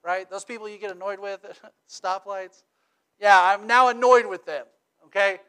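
A middle-aged man preaching a sermon in a conversational way, often checking in with "okay?" and "right?". He swings from loud, emphatic stretches to quiet, intimate ones. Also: high voice, fairly even intonation, moderate pace, smooth. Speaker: pastor.

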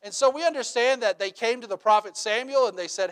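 High-voiced chatty preaching man. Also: a little fast, few pauses. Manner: conversational, checks in with rhetorical questions; animated storytelling with humor. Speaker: pastor. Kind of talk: sermon.

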